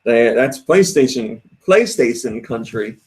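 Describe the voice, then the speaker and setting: A man's voice: medium pitch, lively intonation, a little slow, a little mellow. A man hosting a casual podcast, chatting, laughing often and reading viewer comments aloud. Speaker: podcast host.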